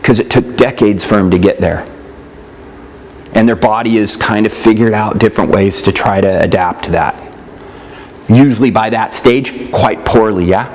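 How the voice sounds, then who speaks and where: A man's voice: on the low side, normal speed, darkish tone, slight background noise. A man teaching a nutrition class in a casual, conversational way, often checking in with "right?" and "yeah?" and acting out what other people say. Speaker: nutrition instructor.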